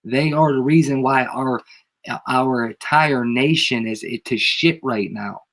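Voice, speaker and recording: Speaking a little slowly in a fairly bright mid-range voice, this channel host has a head cold. He rants casually on a livestream, slangy and emphatic, hammering the same points repeatedly for his live audience.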